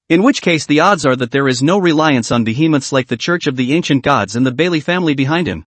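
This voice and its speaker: Casting: male recap narrator, slightly higher voice, steady scripted reading, dry booth sound. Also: no echo. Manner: reads every part in one even narrating voice.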